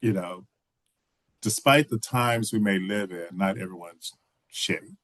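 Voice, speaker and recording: A man's voice: sits low, a little slow, fairly bright tone, dry recording. A man, a filmmaker guest from Texas, telling stories in a casual video call interview with many restarts and "you know"s.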